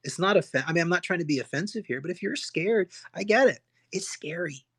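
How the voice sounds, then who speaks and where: A man's voice: sits high, expressive, quick pace, a bit bright, husky. An American man hosting his own livestream, talking in an impassioned, rambling way full of restarts and rhetorical questions. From United States. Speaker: livestream host. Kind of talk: solo livestream rant.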